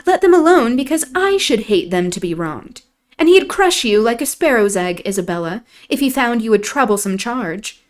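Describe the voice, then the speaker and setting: A woman reading aloud, voicing a proud, sharp-tongued young lady of the house in a raised, emphatic voice. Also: fairly high pitch, voice pushed up, natural voice. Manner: scornful, emphatic.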